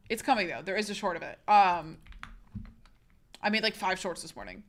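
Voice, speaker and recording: A woman's voice: mid-range voice, expressive, normal speed, long pauses. A woman streamer, sick, talking frankly and casually straight to her live chat.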